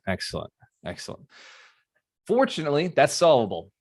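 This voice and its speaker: Animated male mentor quizzing his audience. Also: fairly high pitch, moderate pace, no echo, clean studio sound. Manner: animated, asks the audience questions. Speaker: real estate mentor. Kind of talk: motivational talk to a live online audience.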